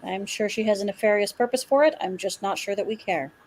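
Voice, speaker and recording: A woman's voice: mid-range voice, fairly quick, a little mellow, slight background noise, low-quality recording. A woman player in a tabletop game, talking at length through her character's reasoning in casual chat.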